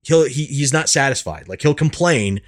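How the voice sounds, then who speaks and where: A man's voice: medium pitch, normal speed. Young guy rambling on a podcast, laughs a lot, voice bouncing all over. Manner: animated storyteller, laughs often, swears. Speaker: podcast co-host. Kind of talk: casual chat.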